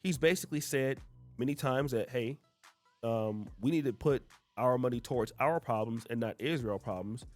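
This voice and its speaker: A man's voice: medium pitch, moderate pace, a little mellow, no echo, faint music behind. A man hosting a reaction video, explaining clips in a conversational way. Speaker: host. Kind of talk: reaction commentary.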